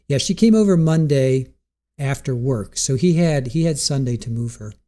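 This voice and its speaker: A man hosting a live stream, chatting casually and reading viewer comments aloud, rambling and thinking out loud with frequent restarts. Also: mid-range voice, expressive, moderate pace.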